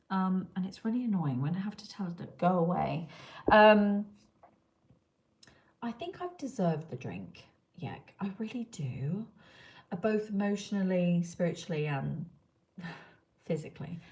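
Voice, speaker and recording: Woman streamer, low-ish voice, chatty and rambling, roomy echo with noise behind. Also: darkish tone. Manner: chatty, talks to viewers and reads their comments. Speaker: livestream host. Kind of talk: casual livestream chat. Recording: echoey room with clear background noise.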